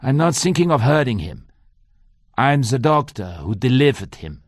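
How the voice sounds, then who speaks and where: A man's voice: mid-range voice, very animated, normal speed, dry recording, clean studio sound. A man voicing a cold, ruthless older Nazi doctor who covers his German accent with American speech, clipped and menacing. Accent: German, masked with American. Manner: clipped, menacing, falsely friendly. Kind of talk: audiobook character voice.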